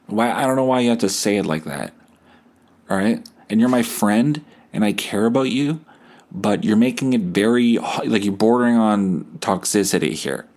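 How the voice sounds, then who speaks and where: A man's voice: fairly low pitch, moderate pace, a little mellow. A young man from Canada hosting a solo podcast, talking in a profane, sarcastic, rambling way. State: hungover. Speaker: podcast host. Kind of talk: casual solo rant.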